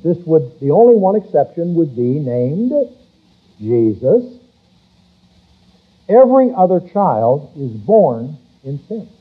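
A man preaching a sermon, reading scripture slowly and rising loud on key words. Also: a little high, husky. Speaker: pastor. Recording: tinny phone-like church recording.

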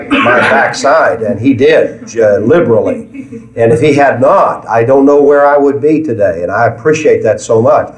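A man's voice: mid-range voice, a little mellow. A man leading a Bible study in an earnest preaching style, often repeating phrases as he finds his words. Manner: earnest, repeats himself while searching for words. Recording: echoey room, mic at a distance.

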